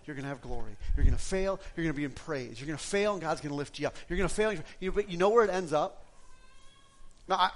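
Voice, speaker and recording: A middle-aged man preaches a sermon like he is chatting, telling his own story with frequent restarts. His voice sits a little higher than most men's. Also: a bit bright. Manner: conversational, personal storytelling with repeated restarts. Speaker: pastor.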